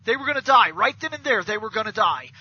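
A man's voice: sits high, expressive, fast, bright, forceful tone, slightly rough. A man ranting profanely and animatedly in a casual podcast chat, acting out scenes as he goes. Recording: dull lo-fi audio.

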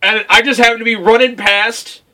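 A man co-hosting a podcast, telling animated stories in casual chat. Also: very high voice, a little fast. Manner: animated, laughing retellings. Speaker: podcast co-host.

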